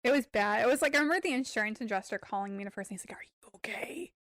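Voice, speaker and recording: A young woman with a high voice tells a story on a casual podcast. She talks in an animated, rambling way, with plenty of fillers and swearing. The sound is dry and close to the mic. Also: very fast, no room sound. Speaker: podcast co-host. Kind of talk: casual chat.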